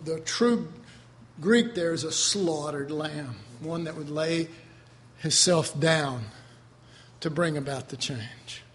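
A man preaching a sermon in an animated way, swinging between loud emphasis and soft low asides, acting out voices from the texts. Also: slow, a little hiss or hum. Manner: acts out voices of figures in the texts.

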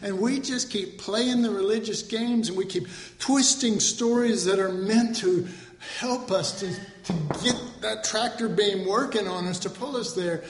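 A man's voice: high-pitched, unhurried, echoey room, slight background noise. A man preaching an informal sermon in a conversational, joking way, correcting himself as he goes and acting out mock quotes.

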